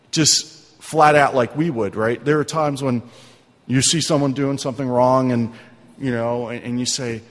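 A male pastor preaching a sermon in an earnest, conversational way, often asking his listeners questions. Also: medium pitch. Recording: long reverb of a hall.

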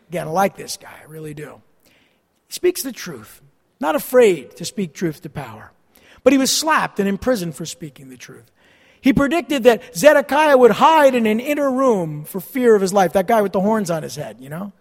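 A man's voice: high-pitched, sing-song, normal speed. A man teaching a Bible study sermon, reading scripture aloud and adding sarcastic asides. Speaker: pastor. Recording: long hall reverb.

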